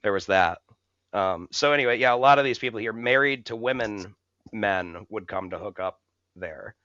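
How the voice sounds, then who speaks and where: A young man spins a rambling, profane story for his co-hosts, chuckling between lines. His voice is bright and clean, close to the mic with no room sound, though the recording is a little dull and muffled. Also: fairly low pitch, moderate pace, dry recording. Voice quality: swears freely, laughs through the telling. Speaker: podcast co-host. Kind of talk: casual storytelling.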